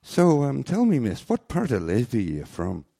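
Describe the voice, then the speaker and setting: A man's voice: medium pitch, huge pitch swings, vocal fry, warm tone, pitched above the performer's own voice, exaggerated voice. A man putting on a flirty, stammering Irishman in a joke he tells on stage. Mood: stammering, eager. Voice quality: halting, stammering.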